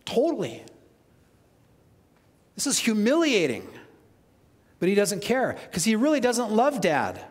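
A high-voiced male pastor preaching in an animated, chatty way, putting questions straight to his listeners. His voice rings with the long reverb of a church sanctuary. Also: a little slow, pauses often. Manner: animated, conversational, asks the congregation questions. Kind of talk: sermon.

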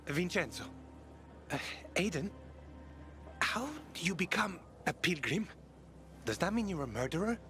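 A curious young villager. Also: male voice, high voice, sing-song, unhurried, long pauses, bright, forceful tone, a little hiss or hum, full character voice. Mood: earnest. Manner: inquisitive, earnest. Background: game music.

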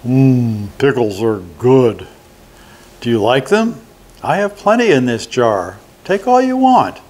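A man's voice: medium pitch, sing-song, slow pace, a little mellow. An older man voicing a bold, clever young hero. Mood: sly.

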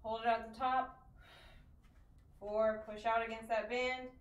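A woman's voice: on the high side, flat delivery, measured pace, dull audio. A woman chatting with her live-stream viewers while working out, counting reps and catching her breath. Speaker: fitness streamer. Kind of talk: live-streamed workout chat. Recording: roomy sound, mic at a distance.

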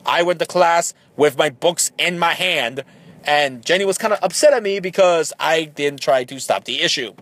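A man in his thirties hosting a podcast, telling a casual rambling story with lots of fillers and restarts. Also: a little high. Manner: rambling, many fillers and restarts, animated when excited. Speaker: podcast host.

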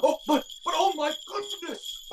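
An elderly Santa in a school stage play, acted by a young woman, calling out to his reindeer. The voice is high and excited, heard from far off the mic. The recording carries a clear hiss of noise. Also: unhurried. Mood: urgent. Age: young adult. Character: jolly elderly Santa driving his sleigh. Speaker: student actor. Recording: distant, noisy stage recording.

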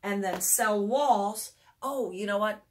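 A woman's voice: mid-range voice, takes it slowly. A woman casually walking parents through memory work, chatty and self-correcting, chanting and singing words while showing hand motions and dropping in mild faith phrases. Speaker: homeschool teacher reviewing memory work. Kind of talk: casual instructional walkthrough.

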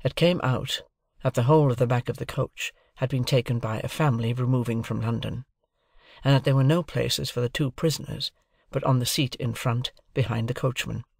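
A man reading a classic novel as audiobook narration, in a measured, deliberate manner. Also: mid-range voice, fairly even intonation, gravelly, no room sound, studio quality.

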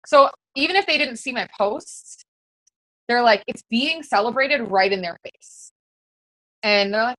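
A woman's voice: fairly high pitch, expressive, unhurried, sharp tone, no echo, poor audio. A woman coaching fellow fitness coaches in a casual, very conversational way, full of fillers. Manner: very conversational, chatty with many fillers.

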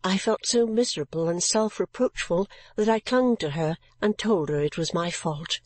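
Breathy woman reading a novel aloud. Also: lowish voice, moderate pace, a little mellow, dry recording. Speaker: audiobook narrator. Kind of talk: scripted audiobook narration.

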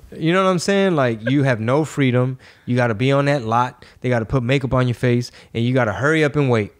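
A man hosts a laid-back podcast in an easy, mid-pitched voice. He rambles through loose stories with plenty of swearing. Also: a little fast. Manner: profane, rambling storytelling. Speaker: podcast host. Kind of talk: casual podcast chat.

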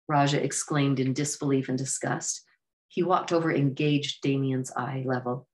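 A woman narrating a storybook in a steady reading voice, now and then correcting herself. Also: rumbling low, moderate pace.

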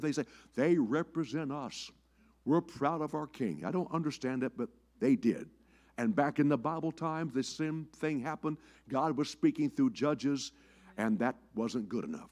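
An older man preaching a sermon in a church, telling folksy farm stories and often repeating his words as he starts a sentence. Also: fairly high pitch. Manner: folksy storytelling, repeats words, lively rises and drops. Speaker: bishop preaching. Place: church sanctuary.

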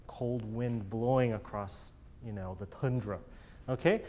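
A man's voice: medium pitch, unhurried, dark tone. A man coaching a chamber group in a master class, encouraging and jokey, singing musical phrases to show the players how they should sound.

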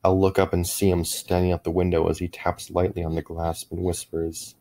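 A middle-aged man narrating a first-person horror story in a measured way, with frequent small restarts. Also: deep voice, monotone, mellow.

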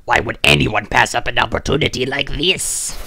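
A man doing a gravelly, menacing evil flower. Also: mid-range voice, moderate pace, noisy background, natural voice.

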